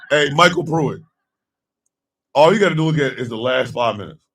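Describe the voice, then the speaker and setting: A man chatting loosely with his livestream chat, telling a story loudly and profanely and often breaking into laughter. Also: mid-range voice, animated, moderate pace, long pauses, far from the mic, slight background noise.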